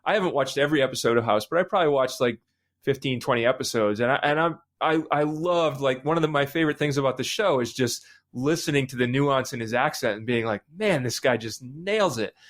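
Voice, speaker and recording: Animated male panelist acting out reactions. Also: mid-range voice, fast. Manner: animated storytelling, acts out his own reactions. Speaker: podcast panelist. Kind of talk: casual panel discussion.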